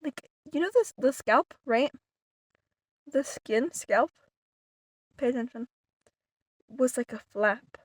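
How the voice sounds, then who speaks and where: A woman's voice: sits high, takes it slowly, pauses often, no echo. Chatty woman with a dry, close sound. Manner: rambling, full of "like" fillers and restarts; animated retelling, some words dropped to a whisper. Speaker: vlogger. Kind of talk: casual storytelling to camera.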